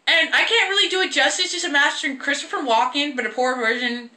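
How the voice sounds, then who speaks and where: A young woman giving a profane, rambling, animated casual review of a film. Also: sits high, brisk, reverberant.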